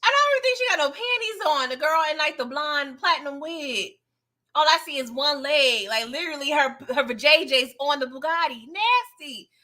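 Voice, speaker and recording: A woman with a high, bright voice hosts a casual live recap chat at a moderate pace, sassy and slangy, laughing as she speaks straight to her audience. It feels loose and personal, like catching up with friends about last night's episode.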